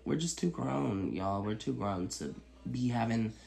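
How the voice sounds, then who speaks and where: A man's voice: mid-range voice, animated, measured pace, creaky, darkish tone. A young man chatting casually as a podcast co-host, brash and playful, swearing freely. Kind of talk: casual chat.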